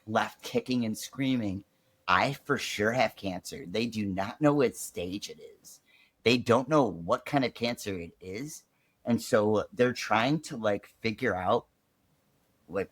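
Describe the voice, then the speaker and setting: A man's voice: mid-range voice, dry recording. A young man from Chicago, a podcast guest telling his own story in a casual, chatty way full of "like". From Chicago, USA. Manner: chatty, peppered with "like", animated retelling.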